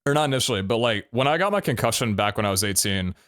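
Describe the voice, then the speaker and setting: A man's voice: on the low side, animated, fast talker, fairly bright tone. A young adult man streaming live, telling a story casually, full of laughs and casual swearing.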